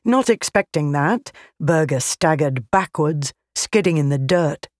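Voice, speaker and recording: An audiobook narrator reading a fantasy battle scene slowly and deliberately. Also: mid-range voice, no room sound, studio quality. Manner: slow, deliberate, even reading.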